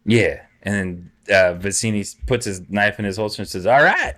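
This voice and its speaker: A man narrating as game master in a relaxed, easygoing way, slipping in and out of character voices. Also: on the low side, fairly quick.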